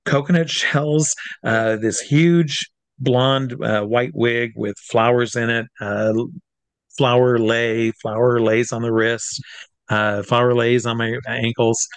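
A drag comedy entertainer shares backstage stories in a loose, chatty style, full of fillers and false starts. His voice sits at a medium pitch and moves at a measured pace, recorded dry.

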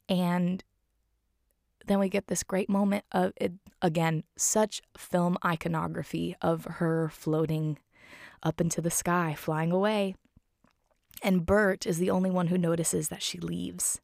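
A woman's voice: lowish voice, flat delivery, a little slow, creaky, dry recording, clean studio sound. A woman recapping a film in casual talk, heartfelt and rambling with many fillers. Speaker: film reviewer.

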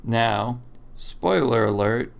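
A man with a southeastern Pennsylvania accent co-hosts a podcast in a relaxed, teasing way, with lots of fillers. His voice is gravelly, and he talks at an unhurried pace. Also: mid-range voice. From Lancaster County, Pennsylvania. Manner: easygoing, teasing, with frequent fillers. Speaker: podcast co-host. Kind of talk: casual podcast chat.

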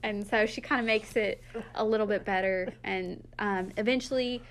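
A woman in casual chat, retelling a book's plot with animated quotes from its characters. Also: medium pitch, moderate pace. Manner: animated, acts out quotes from the book. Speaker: book podcast co-host.

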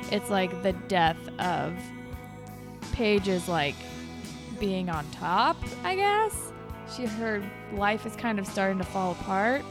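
A young woman co-hosting a casual podcast chat, laughing often and filling her talk with "like". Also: medium pitch. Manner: laughs often, lots of fillers like "like". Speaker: podcast co-host.

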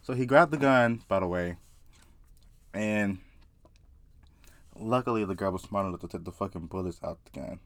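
Southern guy, low voice, cussing and rambling through a crazy story, dry close sound. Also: dry recording. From South Carolina. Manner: profane, excitable, rambling. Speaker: vlogger. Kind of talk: casual storytelling.

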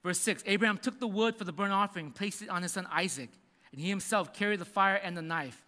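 A man preaching a sermon as a pastor, telling the story with animated acting-out of the characters. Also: high-pitched, fast talker. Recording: reverberant hall.

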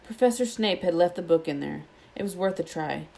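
Lowish woman reading a storybook aloud. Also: brisk, creaky. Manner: steady, even storytelling. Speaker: audiobook reader. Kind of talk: reading a children's novel aloud.

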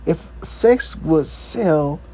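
A man's voice: on the high side, lively intonation, extremely slow, dark tone, slightly rough. A male talk show host rambling through an unscripted solo monologue, crude and profane, chuckling between his remarks.

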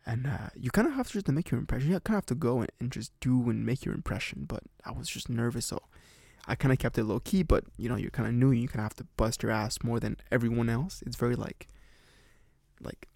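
A man's voice: medium pitch, fast talker, gravelly, a little mellow, husky, no echo, clean studio sound. A man in his twenties casually telling a personal story on a podcast, rambling with lots of fillers. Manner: rambling, many fillers and restarts. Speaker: podcast host.

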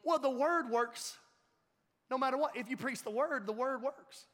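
A man preaching a sermon as a pastor, telling his story in a lively way, acting out voices and laughing along. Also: very high voice, moderate pace. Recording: long reverb of a large hall.

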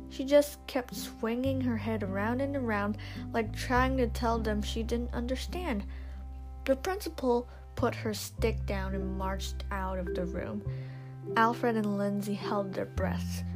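A woman reading a children's story aloud at a slow, measured pace. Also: medium pitch. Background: instrumental music.

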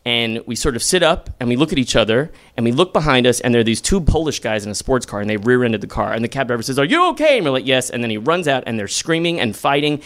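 A young man telling a self-deprecating comic story live, acting out quoted lines with sudden high squeals. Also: fast, hardly any pauses, fairly bright tone.

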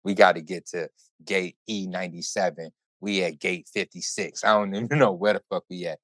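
A man hosting a podcast, telling a story in casual chat with animated, profane, run-on delivery. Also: low voice, brisk, dry recording. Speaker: podcast host.

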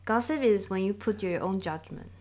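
A woman co-hosting a casual podcast, playful and quick to laugh. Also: mid-range voice, darkish tone. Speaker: podcast co-host. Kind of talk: casual chat.

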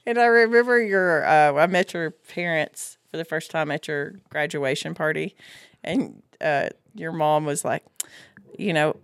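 A woman's voice: low-pitched, measured pace, smooth, no room sound, clean studio sound. A middle-aged woman hosting a podcast, chatty and teasing in a motherly way. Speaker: podcast host, farm co-owner. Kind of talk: casual podcast chat.

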